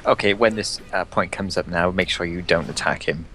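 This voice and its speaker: A man's voice: deep voice, a little fast, fairly bright tone, a little hiss or hum. A man joining in on casual gaming commentary, giving dry, matter-of-fact advice. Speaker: co-player.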